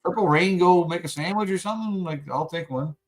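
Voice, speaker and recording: A man's voice: high-pitched, a little fast, low-quality recording. A man ranting animatedly in casual podcast chat, swearing freely. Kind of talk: casual late-night chat.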